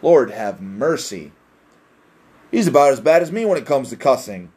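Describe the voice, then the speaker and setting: A man's voice: medium pitch, very animated, normal speed, a little mellow, husky. A young man hosting a casual solo podcast, rambling and self-deprecating, swearing often. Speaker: podcast host.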